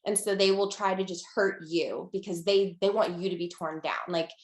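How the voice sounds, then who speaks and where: A young woman talking casually as an interview guest, with lots of fillers and restarts, getting lively when she quotes people. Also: lowish voice, moderate pace, reverberant.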